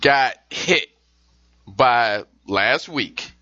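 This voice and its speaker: A man's voice: medium pitch, animated, very slow, bright, forceful tone, highs cut off. A man co-hosting a podcast, telling stories in a casual chat. He swears freely and acts out the people in his stories. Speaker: podcast co-host.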